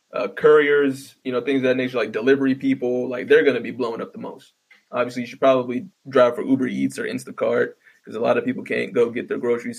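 A man's voice: medium pitch, vocal fry, breathy edge. A man delivering a profane, exasperated comedic rant with stammering restarts. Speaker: vlogger ranting.

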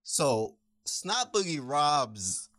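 A man's voice: a little high, sing-song, drawn-out words, fairly bright tone, no echo. A man hosting a casual TV review chat, talking enthusiastically and rambling with restarts. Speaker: podcast host.

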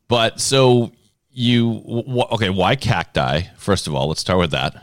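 Boston guy hosting a podcast, low voice, jokey and rambly, keeps restarting. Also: moderate pace, no room sound, clean studio sound. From Boston area. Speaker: podcast host. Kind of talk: casual chat.

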